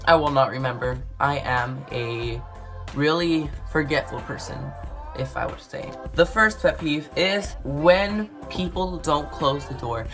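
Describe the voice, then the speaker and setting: A woman with a low voice rants casually to camera, rambling and exasperated. She fills her talk with "like" and swings from loud outbursts to muttering. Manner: exasperated, rambling, says "like" a lot. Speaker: vlogger.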